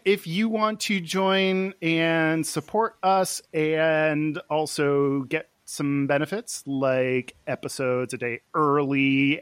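A man co-hosting a podcast remotely, cracking jokes and quick asides. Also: fairly high pitch, a bit bright, smooth, dry recording. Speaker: podcast co-host. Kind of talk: casual chat. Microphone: remote recording.

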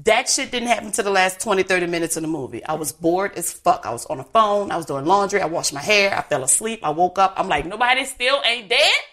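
A woman's voice: on the low side, fast talker, few pauses, a bit bright. A woman comedian guesting on a podcast, brash and profane, ranting animatedly about movies. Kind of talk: casual interview chat.

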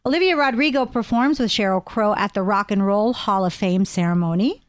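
A woman co-hosting a radio show, chatting casually and dropping dry, quick asides. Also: medium pitch, dry recording. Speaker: radio co-host.

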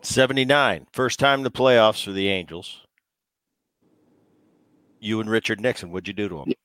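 A man, a former player, hosting a casual interview and asking questions in a relaxed, conversational way. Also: lowish voice, normal speed, dry recording. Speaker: host, former baseball player.

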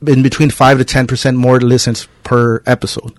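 A man's voice: mid-range voice, little pitch movement, normal speed, dry recording. Man, podcast host, casual chat, rambling, filler words, dry close sound. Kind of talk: casual conversational interview.

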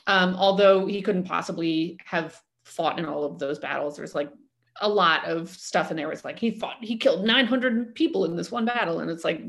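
Woman podcast co-host, casual explainer, low-ish voice, laughs easily. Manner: chatty explainer, frequent ums, laughs easily. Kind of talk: casual chat.

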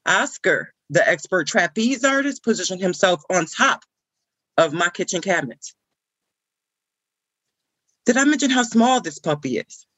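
A woman's voice: on the low side, big pitch swings, measured pace, long pauses, fairly bright tone, no room sound, exaggerated voice. Woman doing a fed-up puppy sitter ranting in a comic monologue, dry close sound. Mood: incredulous. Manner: indignant storytelling monologue, exclaiming. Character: frazzled woman stuck puppy-sitting, exasperated.

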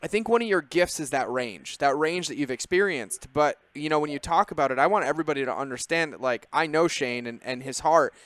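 A man's voice: a little high, expressive, brisk, few pauses, a bit bright. A man hosting a podcast, reflecting on his guest in an earnest way with lots of fillers. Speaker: podcast host. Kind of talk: casual interview chat.

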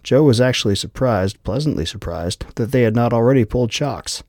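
A man narrating an audiobook in steady scripted narration. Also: mid-range voice, fairly quick, dry recording, clean studio sound.

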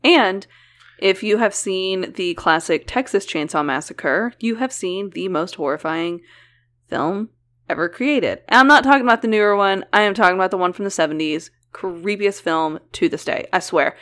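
Woman, podcast co-host, casual chat, animated, laughs easily. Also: mid-range voice, normal speed. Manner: chatty and animated, laughs often.

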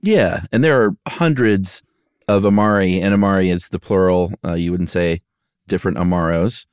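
A man co-hosting a podcast in casual chat, relaxed and quick to laugh. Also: low voice, smooth, no room sound, studio quality. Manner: relaxed, laughs easily, sings goofy jingles. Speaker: podcast co-host.

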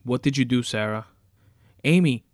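A man doing a bound man yelling in panic. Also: medium pitch, normal speed, no echo, clean studio sound, natural voice. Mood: panicked. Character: terrified, furious bound man, shouting.

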